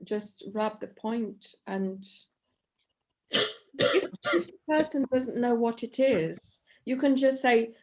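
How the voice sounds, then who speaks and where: A woman's voice: fairly high pitch, expressive, slow pace, a little hiss or hum. Woman leading a tapping workshop by video call. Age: middle-aged or older. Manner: warm and encouraging, with frequent "okay?" checks. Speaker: EFT tapping workshop leader.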